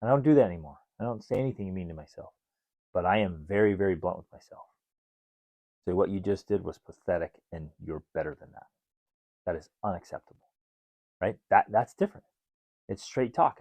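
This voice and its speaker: A man hosting a podcast in an animated way, his dark voice recorded dry and close. He jumps into quoted voices as he acts out what he tells himself. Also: on the low side, no echo. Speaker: podcast host. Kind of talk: casual podcast talk.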